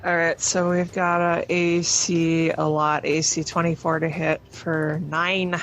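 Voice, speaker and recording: Slow, low-voiced woman player. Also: little pitch movement, soft background music, low-quality recording. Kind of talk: casual tabletop play over a video call.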